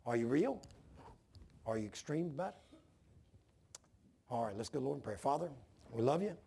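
A man's voice: medium pitch, normal speed, vocal fry, breathy edge. A man preaching a sermon, telling folksy stories and acting out the voices in them. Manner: folksy, animated storytelling, acts out voices in anecdotes. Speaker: pastor. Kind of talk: sermon with storytelling.

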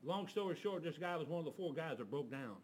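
Animated preacher, slightly high voice. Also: male voice, fast talker. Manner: animated, acts out the voices in his stories; folksy, with restarts and filler words. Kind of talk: storytelling sermon.

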